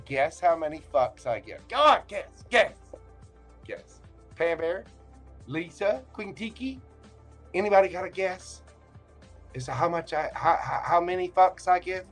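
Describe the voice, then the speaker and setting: A man's voice: sits high, expressive, measured pace, long pauses, faint music behind. A man with a Southern accent hosting a livestream tarot reading, talking in a folksy, joking and reassuring way. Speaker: tarot reader and livestream host.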